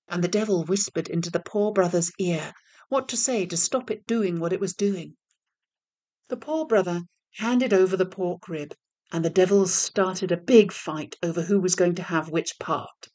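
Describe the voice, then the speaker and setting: Woman telling a folk tale expressively. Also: on the low side. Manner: measured, expressive storytelling. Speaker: storyteller. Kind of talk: reading a folk tale aloud.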